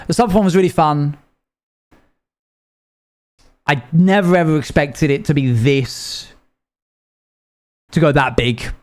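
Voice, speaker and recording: A man's voice: a little high, slow pace, long pauses, clean tone, faint music behind. A British man from the UK chatting casually on a live stream, rambling as he reads chat messages aloud and answers them. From United Kingdom.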